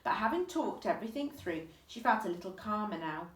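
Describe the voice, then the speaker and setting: Brief: expressive woman storyteller reading aloud, lively voice, echoey room. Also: mid-range voice, fairly quick. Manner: expressive storytelling with vivid emphasis. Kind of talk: reading a children's book aloud. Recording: echoey room, distant mic.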